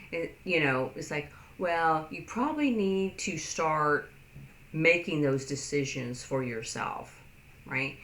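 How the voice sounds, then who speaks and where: Slow-talking woman teaching in an echoey room. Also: a bit bright. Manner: rambling, many fillers, acts out quoted lines in a higher voice. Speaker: sign language teacher. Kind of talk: casual explanatory lesson.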